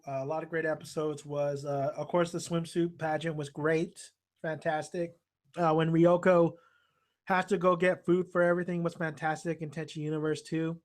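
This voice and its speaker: A man hosting a podcast, retelling cartoon scenes in a rambling, excitable way with casual swearing. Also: on the high side. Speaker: podcast host. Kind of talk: casual chat.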